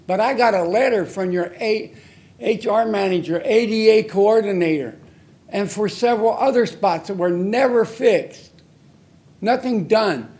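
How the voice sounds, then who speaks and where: A man's voice: high-pitched, a little mellow. A man speaking during public comment at a city council meeting, angry and accusing, repeating himself in short, blunt phrases into a podium microphone. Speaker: member of the public giving comment.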